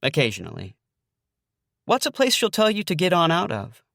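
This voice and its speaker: A man's voice: on the high side, huge pitch swings, moderate pace, gravelly, fairly bright tone, no room sound. A young adult man narrating a first-person audiobook, hesitant with dry understatement.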